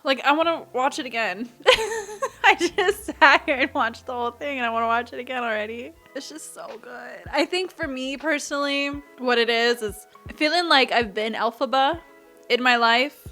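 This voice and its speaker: A woman's voice: high-pitched, normal speed, bright, forceful tone, soft background music. A woman giving casual, emotional movie reaction commentary, gushing and laughing often. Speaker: reaction YouTuber.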